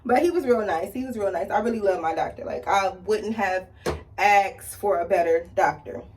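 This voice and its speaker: Recorded from some distance, this woman talks at an ordinary speed as she applies makeup and animatedly recounts a story. She's a beauty vlogger who voices the people she quotes with big jumps in pitch.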